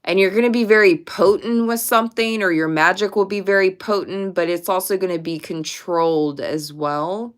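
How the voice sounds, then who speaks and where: A woman reads tarot cards for her viewers in a casual, direct way, stressing her points and swearing freely. Her voice is lowish for a woman and smooth and clear. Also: steady tone, normal speed, hardly any pauses. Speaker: tarot reader. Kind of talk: casual pick-a-card tarot reading to camera.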